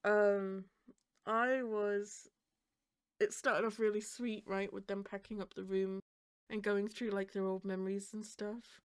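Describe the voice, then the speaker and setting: A woman's voice: medium pitch, level tone, unhurried, clear, resonant tone. A woman hosting a reaction video, talking casually and rambling as she fights back emotion, often laughing nervously.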